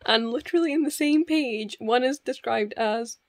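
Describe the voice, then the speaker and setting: Scottish woman, young, casual to-camera book vlog, laughs easily, fairly high pitch. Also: moderate pace, few pauses. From Scotland. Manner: chatty, laughing, wry. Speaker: book vlogger.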